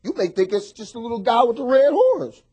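A male pastor preaching a sermon, joking with the congregation and swinging from soft asides to shouts. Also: very high-pitched, very animated, brisk, breathy edge.

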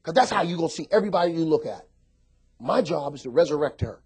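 A male pastor preaching a sermon, joking with the congregation and swinging from soft asides to shouts. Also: a little high, animated, fast talker, breathy edge.

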